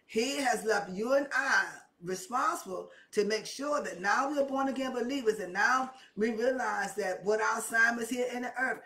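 A woman's voice: fairly high pitch, normal speed, hardly any pauses, pushed and bright. A woman preaching a sermon with impassioned, repetitive emphasis that rises and presses her points. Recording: echoey room, mic at a distance.

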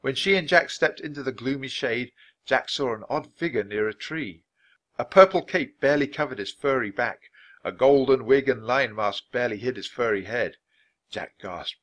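A man reading a children's book aloud, clear, steady and expressive. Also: mid-range voice, moderate pace. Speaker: story reader.

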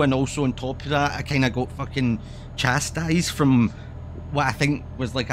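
A man chatting through a driving game, voice sitting at an ordinary middle pitch. He rambles from one thought to the next, casual and loose, swearing as he goes. A faint hum of noise sits behind him. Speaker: streamer. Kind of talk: casual gameplay commentary.

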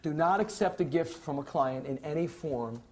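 A man lecturing a finance licensing class with a husky, slightly breathy voice. He teaches theatrically, acting out clients and brokers and checking that the students are following him. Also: on the high side, normal speed. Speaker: securities licensing instructor. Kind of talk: classroom lecture with acted scenarios.

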